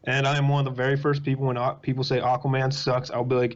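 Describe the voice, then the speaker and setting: A young man, talking as a podcast guest in casual chat, telling animated stories in quick bursts. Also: medium pitch. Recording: dull lo-fi sound.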